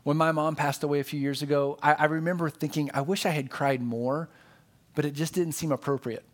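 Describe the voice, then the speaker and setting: Pastor, male, a touch higher-pitched; earnest, conversational sermon delivery with emphatic repeats. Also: fairly even intonation, a little fast.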